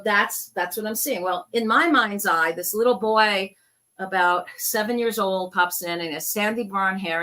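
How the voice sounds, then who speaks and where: Bright, animated New woman. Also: mid-range voice. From New York. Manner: animated storyteller who acts out the people in her stories. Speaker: guest, psychic medium. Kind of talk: casual storytelling interview.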